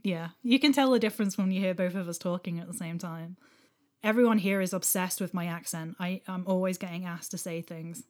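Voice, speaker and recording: A woman's voice: fairly low pitch, a little fast, darkish tone. A woman with a non-regional English accent co-hosting a podcast in chatty, casual talk. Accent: English, not regional. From England. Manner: chatty, laughs often. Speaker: podcast co-host. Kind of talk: casual chat.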